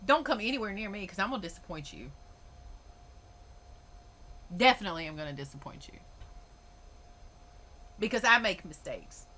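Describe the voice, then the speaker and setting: A woman's voice: mid-range voice, lively intonation, moderate pace, long pauses, pushed and bright. A woman hosting a podcast, ranting in a blunt, emphatic way and swearing freely. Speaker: podcast host. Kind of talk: opinionated podcast monologue.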